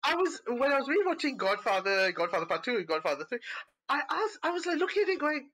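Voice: high-pitched, sing-song, fast, bright, forceful tone, a little hiss or hum. A podcast co-host in casual chat, thinking aloud and musing.

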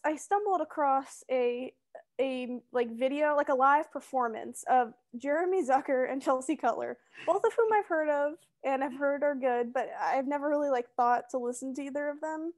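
Young woman co-host with a high voice, chatty and insistent, in loose casual conversation. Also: normal speed. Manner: chatty, filler-heavy, insistent. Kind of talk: casual chat.

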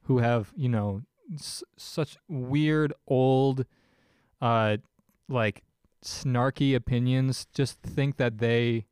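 A man's voice: medium pitch, fairly even intonation, extremely slow, a little mellow, clean tone, no echo. A young podcast co-host with a middle-range voice who talks politics casually and keeps stalling and restarting as he searches for the right word. The sound is dry and close to the mic. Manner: hesitant, searching for words.

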